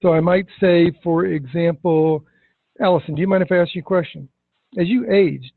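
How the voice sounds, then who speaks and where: A man teaching sales technique in a webinar, emphatic, acting out scripted questions with deliberate pauses. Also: high voice, gravelly, slightly rough, no room sound. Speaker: sales trainer. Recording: tinny phone-like webinar audio.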